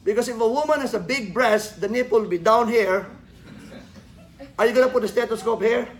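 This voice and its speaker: A man's voice: very high voice, brisk. A man lecturing a class, quizzing students with questions and joking as he teaches. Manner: joking, laughs at his own jokes. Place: lecture room. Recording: echoey classroom with faint noise.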